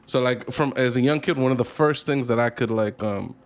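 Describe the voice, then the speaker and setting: A man's voice: medium pitch, brisk. A man co-hosting a gaming podcast, rambling in casual chat with lots of swearing and restarts. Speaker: podcast co-host.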